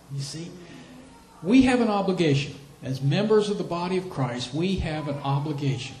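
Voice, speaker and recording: A man's voice: fairly high pitch, a little mellow, echoey room, a little hiss or hum, poor audio. A man preaching a sermon as a missionary, telling stories with animation and repeating phrases for emphasis. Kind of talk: sermon with storytelling.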